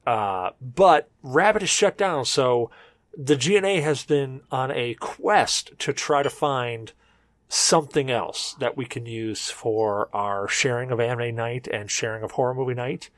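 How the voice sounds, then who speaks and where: A man hosting a casual podcast chat with friends, loose and a little drunk. He rambles and restarts sentences in a middle-pitched voice. The sound is dry and close to the mic. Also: dry recording. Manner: relaxed, rambling, tipsy. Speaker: podcast host.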